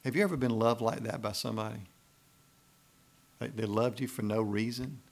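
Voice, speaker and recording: A man's voice: medium pitch, fairly even intonation, moderate pace, a little mellow. A man preaching a sermon, speaking in a folksy, conversational way and often asking the congregation "right?". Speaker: pastor.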